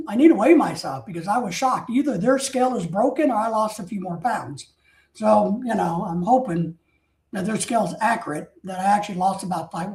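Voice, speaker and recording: A man's voice: sits high, a little mellow. A man telling stories in a rambling, casual way, drifting off topic and breaking into mock outrage. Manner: talkative, wanders off topic. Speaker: streamer. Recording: roomy echo.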